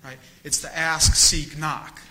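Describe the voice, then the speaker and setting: A man's voice: a little high, little pitch movement, slow pace, pushed and bright, low-quality recording. A man preaching a sermon as pastor, earnest and candid, repeating phrases for emphasis. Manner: candid, self-disclosing.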